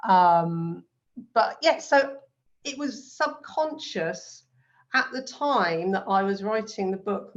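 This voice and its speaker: A woman's voice: mid-range voice, highs cut off. Chatty woman telling a story. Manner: chatty, animated storytelling with frequent ums and laughs. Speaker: novelist guest. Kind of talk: live literary festival conversation.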